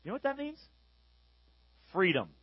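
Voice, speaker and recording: A man in his thirties, a youth pastor giving a jokey, energetic sermon and playfully acting out the voices he quotes. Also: high-pitched, normal speed, husky, no room sound. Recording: dull lo-fi recording.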